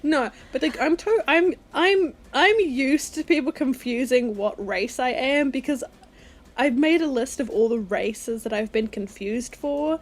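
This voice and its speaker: A woman's voice: sits high, measured pace. A young woman from New Zealand co-hosting a podcast, chatting casually, bluntly and jokingly, often acting out conversations. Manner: blunt, joking, acts out dialogue. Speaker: podcast co-host. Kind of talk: casual chat.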